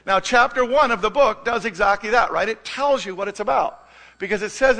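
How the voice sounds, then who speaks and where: Bright, high-voiced preaching man. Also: fairly quick. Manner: animated, conversational, sings musical phrases. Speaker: pastor. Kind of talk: sermon.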